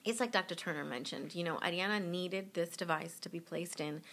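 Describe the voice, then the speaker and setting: A middle-aged woman being interviewed, telling a personal story in an animated way and acting out what people said. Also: fairly low pitch, fairly quick. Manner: animated, acts out quoted voices. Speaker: guest, mother of a patient.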